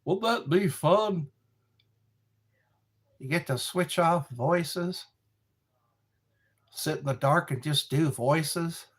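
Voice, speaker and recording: A man hosting a rambling live stream, chatting slowly with viewers from a dark room lit by a candle. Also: a little high, slightly rough. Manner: slow, meandering, talks to viewers. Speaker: livestream host.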